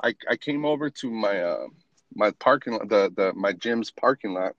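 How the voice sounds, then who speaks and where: A man's voice: lowish voice, expressive, normal speed, a bit bright, no room sound, dull audio. A man hosting a casual podcast chat from his parked car in an empty lot, rambling, swearing freely and restarting sentences. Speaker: podcast host.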